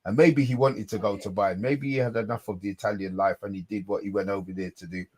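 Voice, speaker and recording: A man co-hosting a live fan stream, excitable and slangy, often repeating himself. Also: lowish voice, fast talker, slightly rough. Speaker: podcast co-host.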